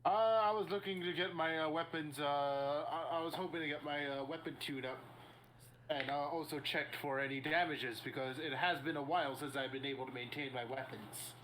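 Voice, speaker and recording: A man playing a tabletop game, speaking in a halting way with many fillers. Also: fairly high pitch, fairly bright tone, slight background noise. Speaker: player.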